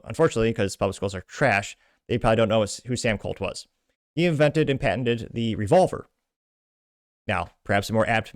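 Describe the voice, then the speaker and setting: A man's voice: mid-range voice, no echo, studio quality. Indignant man ranting on a show. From Texas. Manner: blunt, indignant, emphatic rants. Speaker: political commentary show host. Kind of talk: opinionated political commentary.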